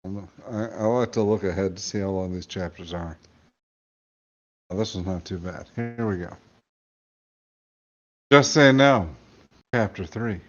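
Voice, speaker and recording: A man co-hosting a podcast who reads a story aloud, with a wry, deadpan sense of humor. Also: sits low, a little slow, pauses often. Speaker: podcast co-host and reader. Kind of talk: casual chat and story reading. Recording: dull lo-fi sound.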